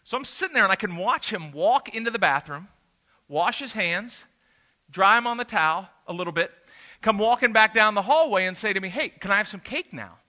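A man's voice: high voice, lively intonation, fairly quick, bright, forceful tone. A man preaching a sermon and telling a family story in a conversational way, with the occasional "uh", in a church room before a congregation. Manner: conversational and anecdotal, with filler "uh"s. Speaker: pastor.

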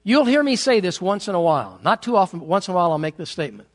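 A man's voice: high voice, racing. A man preaching a sermon as a pastor in church, telling stories and acting out family arguments. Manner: animated storytelling, acts out family quarrels.

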